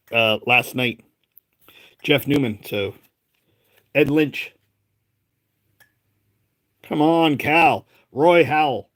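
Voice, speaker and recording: A man's voice: mid-range voice, fairly bright tone, no echo. Chatty Boston man on a live stream. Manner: chatty, rambling, calls out names as he goes. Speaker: live-stream host opening card packs. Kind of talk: casual live-stream chat.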